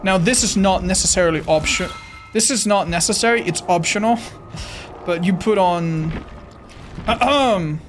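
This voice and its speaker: Excitable high-voiced male streamer. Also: normal speed, faint music behind. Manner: excitable, swears often, talks to chat. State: tired. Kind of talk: live gameplay commentary.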